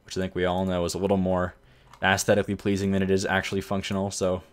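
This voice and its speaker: This gameplay host talks fast in a low-pitched voice as he plays a city-building game. His let's-play commentary is laid-back and wandering, full of self-corrections.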